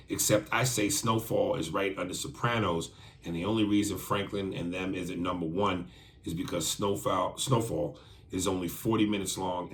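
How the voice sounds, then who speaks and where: A man co-hosting a podcast, reading a listener email aloud in a blunt, profane, animated way. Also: deep voice. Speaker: podcast co-host.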